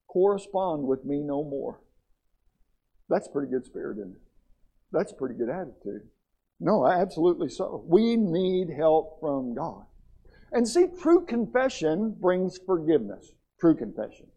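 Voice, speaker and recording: A man's voice: on the high side, warm tone, slightly rough, highs cut off. A middle-aged man preaching a sermon in a church, impassioned, with stammered restarts as he builds. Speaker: pastor.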